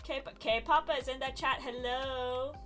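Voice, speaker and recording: A woman's voice: high voice, fairly even intonation, measured pace, fairly bright tone, faint music behind. A woman streaming a game, chatting casually and telling a rambling story with frequent laughs. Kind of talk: casual chat while gaming.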